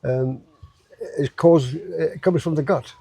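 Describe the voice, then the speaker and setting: A man's voice: on the high side, takes it slowly, creaky, warm tone, breathy edge, no room sound. A man, a guest in a casual chat who repeats words while he finds them. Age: 80s.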